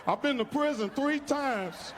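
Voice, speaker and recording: A man's voice: very high voice, measured pace. A middle-aged man doing a crude, rowdy stand-up comedy routine, telling stories full of profanity on a theater stage. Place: large theater stage with a live audience. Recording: reverberant live hall, audience noise.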